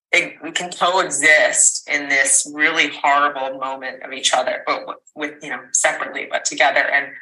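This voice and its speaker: A woman's voice: low voice, sharp tone, poor audio. A woman in her thirties, a podcast guest, tells a personal story candidly, rambling with fillers and restarts and an occasional swear word.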